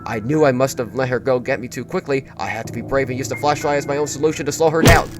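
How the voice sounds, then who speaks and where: Male gaming creator, mid-pitched, reads horror text aloud with jumpy reactions over game music. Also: fast talker. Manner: reads narration earnestly, breaks into startled exclamations. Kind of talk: let's play commentary, reading game text aloud.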